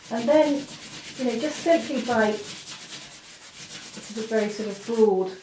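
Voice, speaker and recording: An art teacher leads a drawing lesson in a slow, fairly high voice with a darkish tone. She's chatty and full of fillers, often breaking off with apologetic asides, and is recorded from a distance in a roomy space with faint noise.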